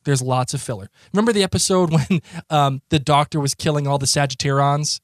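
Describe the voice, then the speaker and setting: A man with a Boston accent, co-hosting a podcast in a rambling, excitable casual chat. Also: a little high, fairly quick, no echo, clean studio sound. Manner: rambling, excitable, many restarts. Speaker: podcast co-host.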